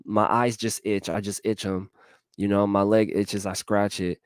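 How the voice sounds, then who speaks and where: A man with a fairly low voice talks through a motivational message, earnest and a little repetitive. He keeps asking rhetorical questions and speaks straight to his listeners in a folksy way. The sound is close and dry, with no room behind it. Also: level tone, normal speed, clear, resonant tone, dry recording. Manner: addresses listeners directly and folksily. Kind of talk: casual motivational talk.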